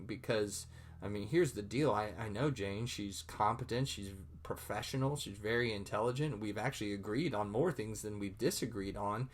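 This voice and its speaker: A man's voice: fairly low pitch, normal speed, slight background noise. A man giving a recorded online lecture, speaking conversationally with many repeated words and acting out his own thoughts.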